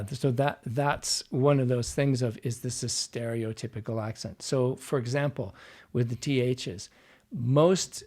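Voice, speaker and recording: A man's voice: mid-range voice, mellow. A man, a dialect coach, patiently explaining how accents work in an interview and sounding out examples.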